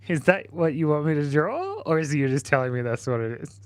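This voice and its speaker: A man's voice: fairly high pitch, very animated, a little fast, dry recording. A man hosting a casual live stream, chatting playfully and laughing while he draws and reads out viewer comments. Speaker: livestream host.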